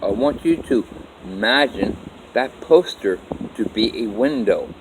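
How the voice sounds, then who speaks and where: A man quoting a woman's voice that coaxes him through a dream, raising his pitch a little as he relays her instructions. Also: lively intonation, a little slow, background noise. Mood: coaxing. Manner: coaxing, instructing.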